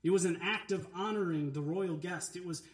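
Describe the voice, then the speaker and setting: A man delivers a sermon with earnest, emphatic conviction. His voice sits high for a man, and it carries around a reverberant church sanctuary. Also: fairly quick. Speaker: pastor. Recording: echoey church room.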